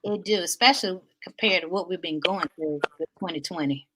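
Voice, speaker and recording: A woman's voice: on the low side, brisk, pushed and bright, low-quality recording. A woman with a Southern US accent hosting a talk show in a chatty, playful way. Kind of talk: casual chat.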